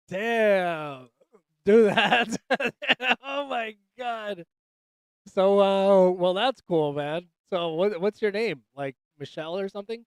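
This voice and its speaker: Dude livestream host, kinda high voice, dry close mic, swears and jokes around with guests. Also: male voice, clean tone, dry recording. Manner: loose, joking, swears a lot, calls people dude and bro. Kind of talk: casual livestream chat with guests. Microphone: desk microphone.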